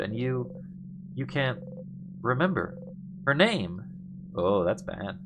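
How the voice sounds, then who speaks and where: A man's voice: medium pitch, very animated, slow pace, music in the background. A young man hosting a casual let's play, reading the game's text aloud with big dramatic swings and muttering asides.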